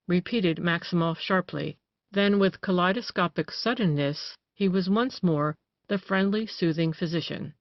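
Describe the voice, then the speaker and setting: An audiobook narrator reading detective fiction in an even, measured way. The voice sits mid-pitch and is recorded dry with a slightly dull, lo-fi tone. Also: no room sound. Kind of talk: scripted narration.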